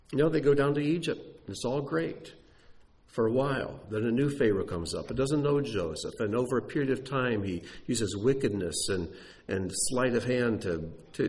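A man's voice: mid-range voice, a little mellow. A man preaching a sermon who tells stories with emphasis and asks rhetorical questions.

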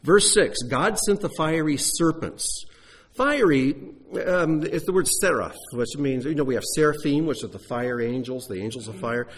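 A man's voice: a little high, normal speed, slightly rough. A man teaching a sermon in a conversational way, asking the listeners rhetorical questions. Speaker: Bible teacher.

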